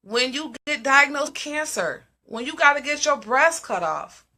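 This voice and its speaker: Emphatic woman with a bright, ringing voice. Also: high voice, animated, moderate pace. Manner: emphatic, repeats questions. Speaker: host of a live discussion. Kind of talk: casual live-stream talk.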